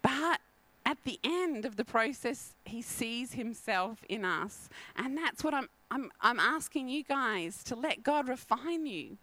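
An animated middle-aged woman, preaching a sermon and telling stories with frequent laughter. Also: fairly high pitch, measured pace, no echo, poor audio. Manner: animated, laughing often, storytelling.

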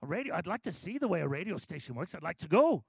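A man's voice: a little high, very animated, quick pace, gravelly, breathy edge, dry recording, voice pushed down, full character voice. A man putting on a cheeky Irish-lilted little salesman. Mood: teasing. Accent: Irish-sounding lilt. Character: cheeky little Welsh car salesman, chatty.

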